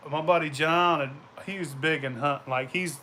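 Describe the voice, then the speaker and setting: A man's voice: a little high, measured pace, pushed and bright, slight background noise. A man vlogging casually, telling rambling, profane anecdotes and laughing as he goes. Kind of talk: casual storytelling.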